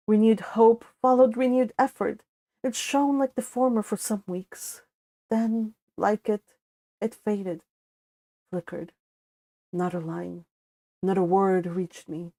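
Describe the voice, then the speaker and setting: A young woman with a Spanish accent reading a classic novel aloud, unhurried and steady, now and then stopping for a casual aside or to correct herself. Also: mid-range voice. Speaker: audiobook reader.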